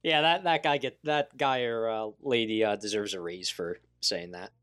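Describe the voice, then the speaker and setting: A man's voice: on the low side, moderate pace, a bit bright. A man co-hosting a sports podcast, bantering animatedly and laughing often in casual chat. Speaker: podcast co-host.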